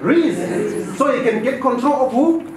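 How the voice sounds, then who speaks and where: A man's voice: very high-pitched, moderate pace, a crowd in the background. A man teaching a workshop class. He quizzes the room and acts out office dialogues. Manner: animated, asks the class questions and acts out dialogues. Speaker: business trainer. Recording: roomy echo from far off.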